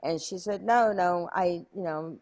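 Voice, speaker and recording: Woman guest, chatty storyteller, slightly low voice, lots of fillers. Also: measured pace, darkish tone. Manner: chatty, many "like" fillers, acts out her own past lines. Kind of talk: animated storytelling in an interview.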